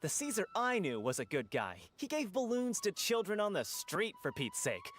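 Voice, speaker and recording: A woman voicing a gruff, sarcastic townsperson in a video game, grumbling as she talks. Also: mid-range voice, wildly swooping pitch, normal speed, faint music behind. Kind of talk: game voice acting.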